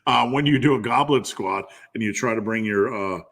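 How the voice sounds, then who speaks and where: A man's voice: medium pitch, normal speed, hardly any pauses, fairly bright tone. A man coaching strength training in a live Q&A, blunt and profane, getting fired up as he drives his point home with repetition.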